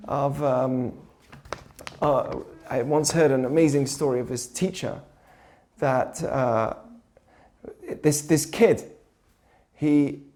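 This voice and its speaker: High-voiced man teaching ethics. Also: warm tone. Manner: conversational, asks rhetorical questions, tells stories. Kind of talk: informal teaching talk.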